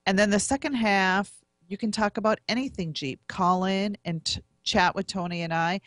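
A woman's voice: mid-range voice, fairly even intonation, moderate pace, no echo, studio quality. A woman co-hosting a casual podcast, promoting the call-in show in an upbeat way. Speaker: co-host.

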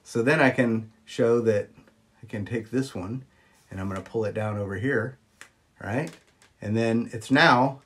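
A man chatting casually on a live stream, greeting viewers and filling pauses with ums as he shows old magic props. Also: a bit bright. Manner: chatty, greets viewers, jumps up high on exclamations; frequent ums and uhs. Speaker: vlogger showing magic props.

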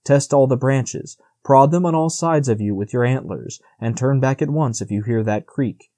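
A man voicing a wise old male stag in an audiobook, grave and gently commanding. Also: mid-range voice, moderate pace, dry recording, natural voice.

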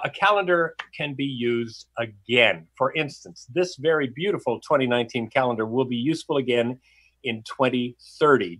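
A man's voice: medium pitch, fairly bright tone. Man on a video call, winded, with a dry playful delivery. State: out of breath. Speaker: regular presenter running the music game. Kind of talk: casual live-stream presentation. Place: home studio.

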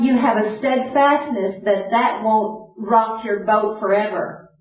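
A woman preaching an earnest sermon and quoting scripture directly. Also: fairly high pitch. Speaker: Bible teacher. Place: camp meeting hall. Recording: distant, echoey, phone-like lo-fi.

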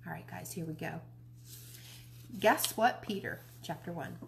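A woman's voice: lowish voice, a little slow, vocal fry, slight background noise. A woman from a library reading a children's novel aloud in a friendly, informal way. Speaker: library storytime reader.

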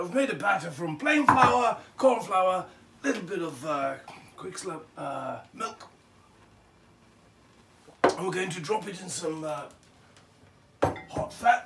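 A man's voice: high-pitched, very noisy. A man playing a brash, foul-mouthed, pompous TV chef with a Scottish accent, rambling and crude as he hosts a comedy cooking show. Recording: echoey kitchen, distant mic, clattering pans.

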